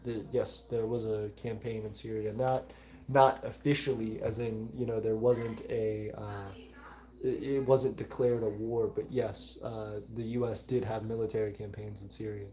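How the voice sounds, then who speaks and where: A young man with a mild Southern accent from Alabama hosts a live stream and reads comments aloud. His voice is low and mellow, with little rise and fall. He talks in an earnest, pleading way and often repeats himself. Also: little pitch movement, moderate pace. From Alabama, United States.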